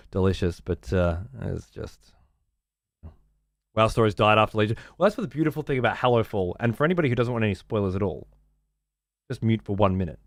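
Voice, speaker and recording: A man's voice: lowish voice, no room sound, clean studio sound. A man ranting casually as a streamer, sarcastic, profane and exasperated.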